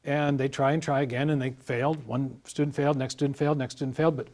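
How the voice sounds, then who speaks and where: A man as an interview guest, explaining carefully in a measured, lecturing way with worked examples. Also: medium pitch, steady tone, darkish tone. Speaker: guest scientist.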